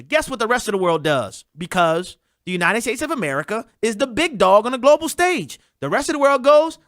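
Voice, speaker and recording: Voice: medium pitch, lively intonation, a little fast, hardly any pauses, fairly bright tone, dry recording, studio quality. A host delivering a sarcastic political commentary monologue, talking straight to listeners and mocking the people discussed.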